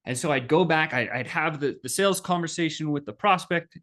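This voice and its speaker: A man hosting a business podcast, telling a personal story in a lively, animated way and acting out the voices of the people in it. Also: fairly high pitch, fairly quick. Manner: animated, acts out quoted voices. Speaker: podcast host.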